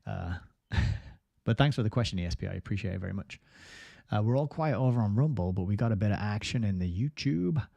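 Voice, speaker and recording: A man's voice: on the low side, animated, brisk, gravelly, dark tone, no room sound, highs cut off. A man hosting a book review livestream, rambling casually and reading viewer comments aloud. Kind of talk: casual live-stream chat.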